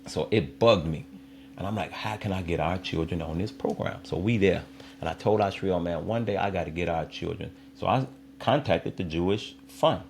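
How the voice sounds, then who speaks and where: A middle-aged man from Israel speaks as a guest in a conversational interview, his voice sitting very low. He is a lively storyteller who acts out the voices of the people in his tales. A faint hiss runs under the recording. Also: normal speed, gravelly. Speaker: interview guest, youth basketball coach.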